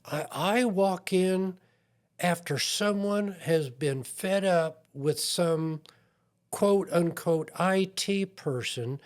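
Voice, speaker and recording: A man's voice: high voice, takes it slowly. A man speaking as an interview guest, an IT consultant talking in an earnest, self-deprecating way. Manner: earnest and self-deprecating, acts out quoted voices. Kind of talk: conversational podcast interview.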